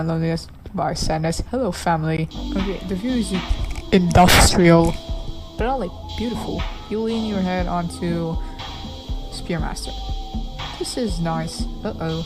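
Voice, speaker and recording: A woman's voice: fairly low pitch, a little mellow, low-quality recording. A woman casually playing a game, reading its text aloud and reacting with giggly, playful disgust. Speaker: gamer. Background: game music.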